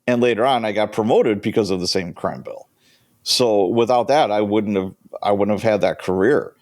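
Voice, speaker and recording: Dry-sounding, lively storytelling middle-aged man. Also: fairly low pitch, normal speed, no echo. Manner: lively anecdotal storyteller who chuckles often. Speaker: guest, retired police sergeant. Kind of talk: casual interview storytelling.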